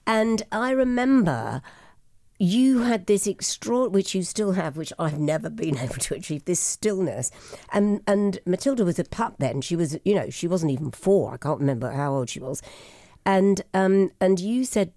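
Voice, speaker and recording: Woman host, low mellow voice, rambling and emotional, dry close sound. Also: animated, moderate pace, no echo. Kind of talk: casual chat.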